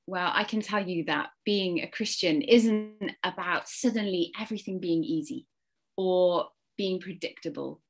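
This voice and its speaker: A woman speaker offers a short Easter devotional talk, gentle and earnest in tone. Her voice sits a little low, and she takes her time over each phrase. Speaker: church speaker.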